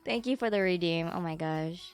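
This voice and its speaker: A woman livestreamer chatting casually with her viewers, excitable and animated, swearing freely. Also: lowish voice, brisk, smooth, faint music behind. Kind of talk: casual stream chat. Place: home streaming setup.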